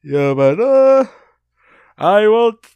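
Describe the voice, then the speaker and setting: Cartoony game mad scientist villain gloating, man doing the voice, high and dramatic. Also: sing-song, slow, smooth, no echo, dull audio, exaggerated voice. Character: scheming egomaniac male mad scientist villain.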